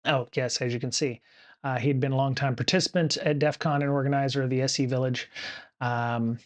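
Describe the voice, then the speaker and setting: A man's voice: mid-range voice, steady tone, brisk. Man, livestream host, casual chat, rambling, full of fillers. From United States. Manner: rambling, many fillers and restarts. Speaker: podcast host.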